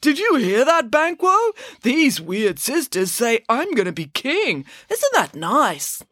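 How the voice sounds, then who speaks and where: A woman's voice: a little high, very animated, slow, a bit bright, no room sound, clean studio sound, voice pushed up, exaggerated voice. A woman voicing a naive, easily pleased nobleman who chats cheerfully. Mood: chatty.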